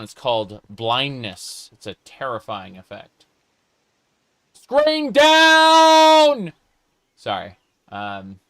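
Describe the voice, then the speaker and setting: A man's voice: fairly low pitch, bright, forceful tone, clean tone, no room sound. A man casually commenting on his game as he plays, reading chat aloud and joking along. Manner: playful, reads chat aloud and jokes in character. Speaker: gaming streamer. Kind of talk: casual live gameplay commentary.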